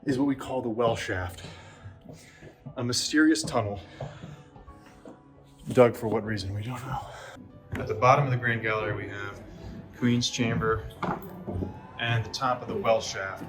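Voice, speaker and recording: A man giving a casual travel vlog tour inside a pyramid, chatty and explaining as he walks. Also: mid-range voice. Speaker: travel vlogger and tour guide. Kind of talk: casual on-location tour commentary. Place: inside narrow stone passages of a pyramid. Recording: echoey stone interior with music behind. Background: background music.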